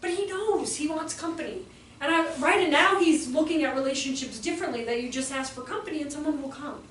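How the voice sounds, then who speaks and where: Speaking briskly in a high voice, a woman runs a live teachers' workshop before an audience, telling chatty anecdotes and voicing the people she quotes. The room is echoey and the mic distant, leaving faint ambience and slight background noise.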